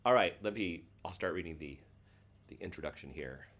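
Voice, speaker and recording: A man's voice: low voice, expressive, brisk, fairly bright tone. A man, the author, chatting casually about his book and then reading it aloud, with a loose, filler-heavy way of talking. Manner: loose and casual, lots of "like" and "you know".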